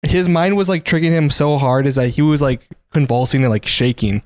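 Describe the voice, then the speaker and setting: A man's voice: fairly high pitch, fairly quick, a little mellow, dry recording, clean studio sound. A young man co-hosting a casual podcast, telling a story bluntly and matter-of-factly, with swearing. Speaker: podcast co-host.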